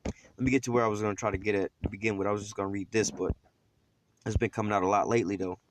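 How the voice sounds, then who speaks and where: A man's voice: lowish voice, fairly even intonation, racing, a little hiss or hum. A man giving an informal, streetwise scripture teaching, rambling and profane, with many fillers and restarts.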